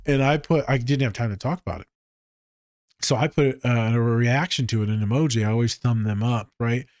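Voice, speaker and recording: A man who works as a therapist, hosting a casual podcast and telling stories in a profane, joking way, swinging between low mutters and sharp high exclaims. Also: brisk, no room sound, clean studio sound. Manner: profane, joking, with frequent swearing.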